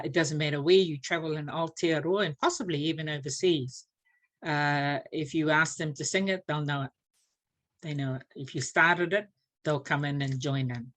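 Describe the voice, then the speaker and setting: Low-voiced New woman teaching pronunciation. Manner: unhurried, filler-heavy explanations. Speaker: presenter of a church Māori language series. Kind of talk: teaching Māori pronunciation with spoken examples.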